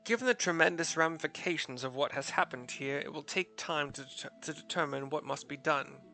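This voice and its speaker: Formal earnest woman leader, read by a man, measured, bright voice, soft music behind. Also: fairly high pitch, gravelly. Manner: formal, measured reading with self-corrections.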